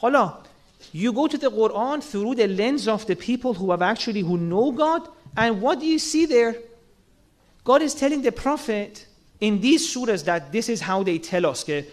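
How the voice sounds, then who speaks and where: A man's voice: sits high, lively intonation, normal speed. A man giving an earnest sermon, asking rhetorical questions and acting out quoted lines. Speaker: religious speaker.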